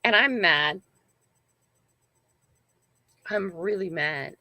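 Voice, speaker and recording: A woman's voice: on the low side, expressive, extremely slow, sharp tone, no echo. An older woman hosting a casual livestream, telling a family story in a rambling, emphatic way and often checking in with "right?". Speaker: channel host.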